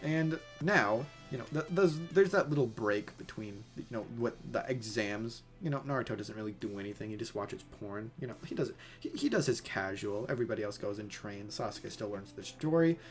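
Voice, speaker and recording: A man's voice: medium pitch, a little fast, faint music behind. A man casually retelling an anime plot as a rambling comedy story, full of fillers and crude jokes.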